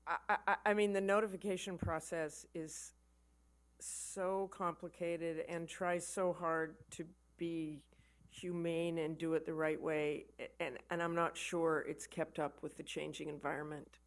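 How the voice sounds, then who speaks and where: A woman giving a conversational lecture to an army audience, telling stories with animated emphasis and often repeating words as she starts a thought. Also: low-pitched, a little slow. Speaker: guest lecturer, war correspondent. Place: lecture event for an army association.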